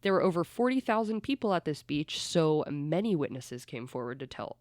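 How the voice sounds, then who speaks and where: Podcast host, mid-pitched, chatty true-crime storyteller who swears freely; dry, close recording. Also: very animated, fairly quick, a little mellow, dry recording.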